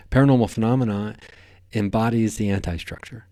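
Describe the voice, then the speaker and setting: Low-voiced rambling male podcast host. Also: a little fast, dark tone. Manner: rambling, playful, stumbles over words. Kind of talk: casual podcast monologue.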